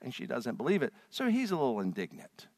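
A man preaching a sermon, swinging from hushed, low lines to loud, shouted ones. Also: huge pitch swings, fast talker, creaky. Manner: dramatic swings from quiet to shouting. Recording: long hall reverb.

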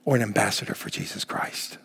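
A man preaching a sermon emphatically, swinging between loud exclamations and hushed words. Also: a little fast. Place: church sanctuary. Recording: long reverb of a church hall.

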